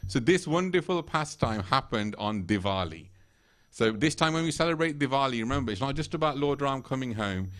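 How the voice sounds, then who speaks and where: A man's voice: mid-range voice, lively intonation, brisk, fairly bright tone. Chatty laughing male temple speaker. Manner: conversational, laughs often, acts out quoted voices. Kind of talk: sermon retelling scripture stories. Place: temple hall.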